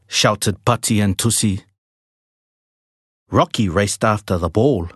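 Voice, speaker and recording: A man reading a children's picture book aloud, with a slow, lively read-aloud manner. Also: on the low side, breathy edge, no echo, studio quality. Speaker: storybook reader.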